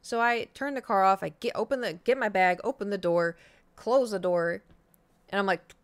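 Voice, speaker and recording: A woman in her thirties telling a story to her stream viewers in a casual chat, animated and full of swearing, acting out her own reactions. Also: mid-range voice, normal speed, clean tone, no room sound. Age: 30s. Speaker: livestreamer.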